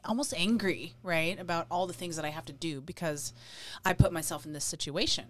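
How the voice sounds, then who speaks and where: A woman co-hosting a casual talk, reflecting calmly on her own experience. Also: on the low side, fairly quick. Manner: reflective, speaking from personal experience. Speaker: podcast co-host. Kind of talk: casual conversation on emotions.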